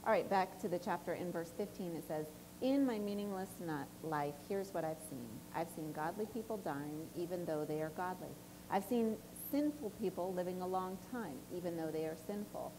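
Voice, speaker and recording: A woman's voice: lowish voice, normal speed, background noise. A woman co-leading a sermon, reading scripture in a plain, friendly way.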